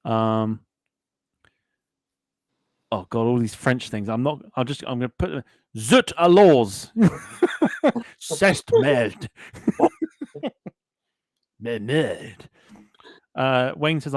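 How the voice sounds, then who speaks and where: A man's voice: medium pitch, moderate pace, pauses often, dry recording. Guy hosting a podcast, reads the chat and cracks up a lot, dry sound. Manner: jokey, laughs often between comments. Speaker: podcast host. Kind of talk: casual chat, reading out live chat comments.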